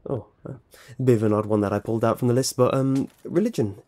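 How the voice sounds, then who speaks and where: Mellow-voiced British young man, rambling. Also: medium pitch, fairly even intonation, fast. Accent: British, precise enunciation. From Britain. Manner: rambling, self-correcting, wry. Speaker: YouTube narrator answering fan questions. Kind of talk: casual Q&A vlog.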